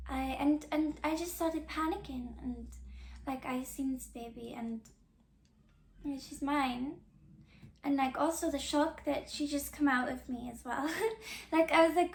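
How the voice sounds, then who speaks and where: Chatty young woman, high voice, echoey room. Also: steady tone, measured pace. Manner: chatty, rambling, many "like" fillers and restarts. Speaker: podcast host. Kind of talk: casual chat.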